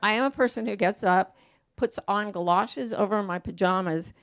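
A woman's voice: mid-range voice, normal speed, dry recording. A woman author talking as a guest in a casual onstage interview, emphatic and playful, often quoting herself in voices.

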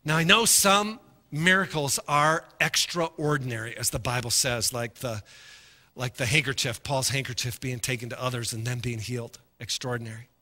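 A middle-aged male pastor preaching a sermon, telling stories and moving between quiet asides and impassioned shouting. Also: medium pitch, fairly even intonation, normal speed. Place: large church sanctuary. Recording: long hall reverb.

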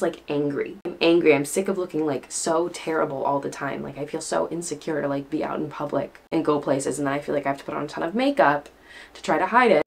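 A woman's voice: low voice, gravelly, slightly rough. A young woman vlogging casually to camera, rambling with many fillers, upset and tearful. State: crying, upset. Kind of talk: casual vlog talk to camera.

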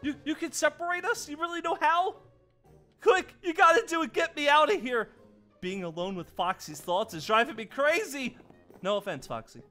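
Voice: high-pitched, very animated, brisk, bright, forceful tone, soft background music, heavily acted. A player voicing a scared ghost boy trapped inside a robot fox, stammering and repeating words in a playful game role-play. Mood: panicky. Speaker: roleplayer.

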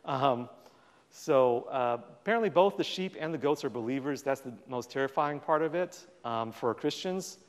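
A man's voice: medium pitch, normal speed. A man at a lectern tells stories with energy, acting out the dialogue and scattering "um"s as he goes. His mid-range voice rings with the long reverb of a large hall. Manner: animated storytelling, acts out quoted dialogue. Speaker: guest speaker. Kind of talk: public talk with audience Q&A.

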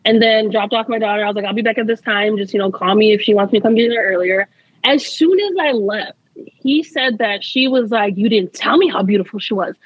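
A woman's voice: medium pitch, fairly quick, husky, dry recording, lo-fi sound. A young adult woman, a guest in a casual interview, telling a story in a chatty way, laughing often and saying "like" a lot.

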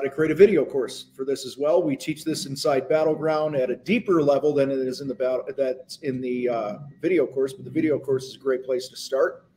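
A man's voice: mid-range voice, darkish tone, a little hiss or hum. Rambling man hosting a live stream. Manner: loose and rambling, with many fillers and restarts; talks with his mouth full at times. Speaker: host of a live business show. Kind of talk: casual live-stream talk. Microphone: phone.

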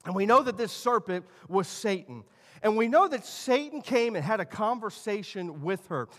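A man's voice: high voice, lively intonation, normal speed. Preaching man in an echoing church. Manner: storytelling preacher, swings from quiet asides to loud emphasis. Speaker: pastor. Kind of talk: sermon. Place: church sanctuary. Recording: long church hall reverb.

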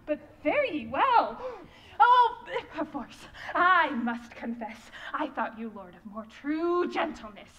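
A woman's voice: high voice, very animated, takes it slowly, fairly bright tone, highs cut off, heavily acted. A woman playing a lovelorn, desperate young woman in a live stage Shakespeare performance, laughing breathlessly through her hurt. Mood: wounded.

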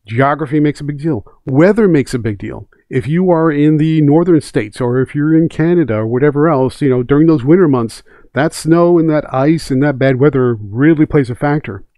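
A man's voice: fairly high pitch, normal speed, few pauses, mellow, no echo. A man hosting a comics commentary channel, giving casual, opinionated talk and hammering home his key points by repeating them.

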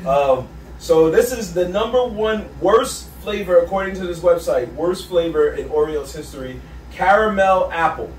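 A man's voice: high-pitched, animated, moderate pace, recorded from a distance. A man hosting a casual podcast, reading a list of flavors aloud and laughing often. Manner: laid-back, reads a countdown list, laughs often. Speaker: podcast host. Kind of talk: casual chat. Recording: roomy echo, off-mic, faint noise.

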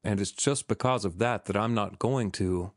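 A man reading the part of a young former sailor who speaks gently and firmly, in measured audiobook dialogue. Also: lowish voice, no echo, clean studio sound, lightly acted. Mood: gentle.

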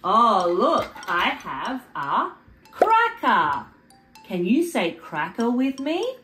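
Very slow, sing-song woman teaching toddlers. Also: a little high, huge pitch swings, sharp tone. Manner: exaggerated, sing-song, repeats words for children to copy. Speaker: preschool video presenter. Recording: echoey room with faint music underneath.

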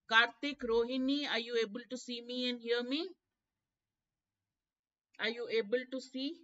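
A woman's voice: fairly high pitch, sharp tone. A woman with an Indian English accent teaching a live online exam-prep class, explaining step by step and mixing in bits of Hindi. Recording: dull lo-fi stream audio.

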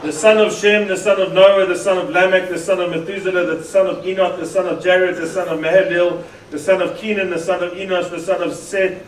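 A man from South Africa with a South African accent, preaching a lively sermon, joking and drawing in the congregation. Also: sits high, a little fast, slight background noise. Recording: echoey hall from far off.

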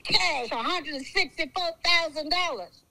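A middle-aged woman calling in by speakerphone as the guest's mother, telling a story in a blunt, animated way and cursing freely. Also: sits high, measured pace, poor audio. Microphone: phone on speaker.

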